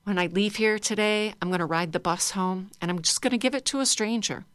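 A woman's voice: mid-range voice, brisk, smooth, no room sound, clean studio sound. A woman leading a guided laughter exercise for a group, coaxing and playful. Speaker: laughter yoga leader.

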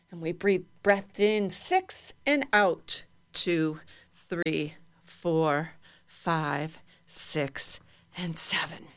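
A woman leading a group through guided laughter exercises, playful and encouraging, breaking into loud laughter. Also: low voice, very slow, dry recording. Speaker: laughter yoga leader.

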